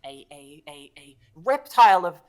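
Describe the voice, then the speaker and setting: A woman voicing a small, timid and eager male kobold who stammers in a high squeaky voice. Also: sing-song, moderate pace, natural voice.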